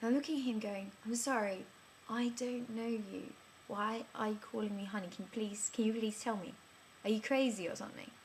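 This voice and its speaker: A woman's voice: on the high side, steady tone, fairly quick, a little mellow, slight background noise, natural voice. A woman, playing a flustered amnesiac in a scripted character vlog, who rambles with many restarts. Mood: rambling, bewildered. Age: 30s. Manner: rambling, breathless, many restarts and filler words. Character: flustered woman in her thirties with amnesia, chatty and bewildered.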